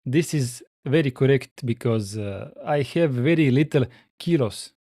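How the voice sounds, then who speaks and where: Male livestream host, drawn-out and halting speech, dry close sound. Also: medium pitch, dry recording. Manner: relaxed, halting, frequent "uh" pauses. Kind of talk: casual livestream chat, reading viewer comments.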